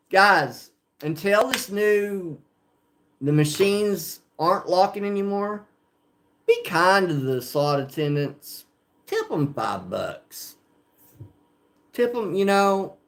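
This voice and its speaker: A man from Oklahoma with a rural country accent, chatting casually with livestream viewers and rambling with lots of fillers. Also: on the high side. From Oklahoma, USA. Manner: rambling, filler-heavy, talking to chat viewers. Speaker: slot machine livestreamer.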